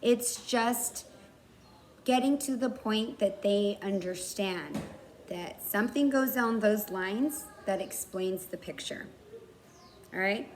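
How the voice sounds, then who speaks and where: Patiently sounding out words, a woman teaches writing to young kindergarten children in a slow, mid-range voice. There's a little hiss or hum, and the roomy, distant-mic recording holds faint background ambience.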